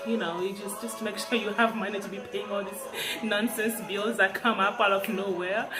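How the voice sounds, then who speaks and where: A young woman with an African accent telling a story to camera in a casual, animated way, laughing often and repeating words. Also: mid-range voice, moderate pace, over music. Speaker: vlogger.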